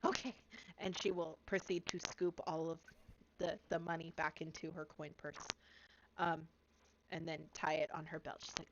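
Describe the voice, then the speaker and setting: A woman's voice: deep voice, little pitch movement, moderate pace, lo-fi sound, noisy background. A woman playing a tabletop game, giggly and hesitant as she describes her character's actions. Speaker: player.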